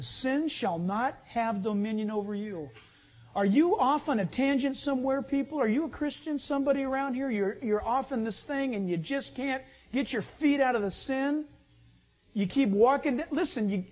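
High-pitched guy preaching, gets loud then drops low, kinda muffled lo-fi sound. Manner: animated preaching, swings between loud urging and low asides. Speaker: pastor. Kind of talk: sermon.

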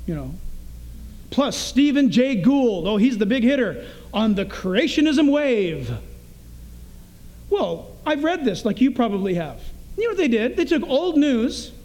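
A man's voice: extremely high pitch, darkish tone. A man preaching a morning sermon, emphatic and sarcastic, firing off rhetorical questions at his congregation. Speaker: pastor.

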